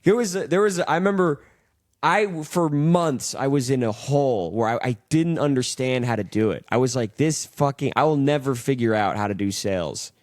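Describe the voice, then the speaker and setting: A man hosting a casual podcast chat, telling animated stories, acting out both sides of old phone calls and swearing freely. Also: medium pitch, normal speed, dry recording, studio quality. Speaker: podcast host.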